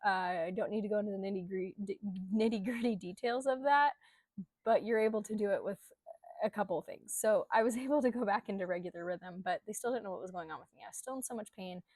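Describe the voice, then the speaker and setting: A woman's voice: mid-range voice, fast, a little mellow, no room sound. Candid woman telling her own story. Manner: candid, conversational, with frequent um and like. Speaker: coach. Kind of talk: personal storytelling vlog.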